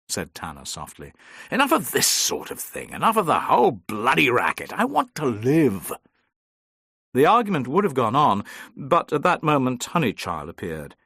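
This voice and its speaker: A man reading a first-person adventure audiobook in a measured storytelling manner. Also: fairly low pitch, a bit bright, no echo, clean studio sound. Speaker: audiobook narrator.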